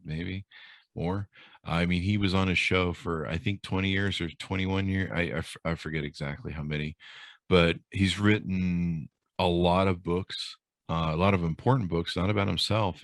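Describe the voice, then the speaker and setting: A man with a very low voice and a bright, pushing tone tells an anecdote as a podcast guest. He talks casually with fillers and slips into lively impressions of the people in his story. The sound is dry and close. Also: no room sound. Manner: animated storyteller acting out quoted voices.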